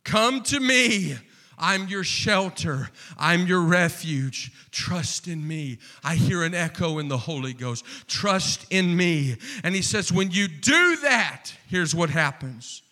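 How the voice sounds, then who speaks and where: A man preaching a sermon in a slightly high, bright voice. He takes his time, drawing out his words. He builds toward fervent, near-shouted refrains. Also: lively intonation, unhurried, hardly any pauses. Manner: impassioned, rising to near-shouting with repeated refrains.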